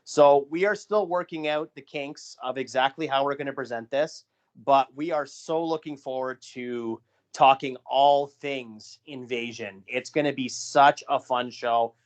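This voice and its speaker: A man co-hosting a wrestling podcast, talking in a measured, announcer-like way as he wraps up the show. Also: medium pitch. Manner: measured, announcer-style sign-off. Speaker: podcast co-host. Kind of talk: casual podcast chat. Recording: slightly dull lo-fi audio.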